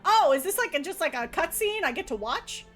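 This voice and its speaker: High pitched woman streamer, laughs a lot, yells at the game, faint music behind. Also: a little fast. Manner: excitable, laughs often, loud playful outbursts. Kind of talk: casual livestream gameplay commentary.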